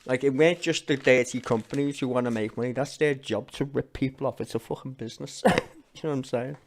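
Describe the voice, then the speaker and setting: Reacting to parliament, a Liverpool-accented streamer delivers a blunt, angry rant full of swearing. His voice is medium-pitched and steady in tone, and he talks a little fast.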